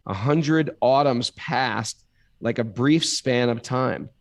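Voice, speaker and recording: Gravelly man reading scripture aloud. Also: mid-range voice, takes it slowly, dry recording. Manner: breaks off reading to ask puzzled questions. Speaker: reader and co-host.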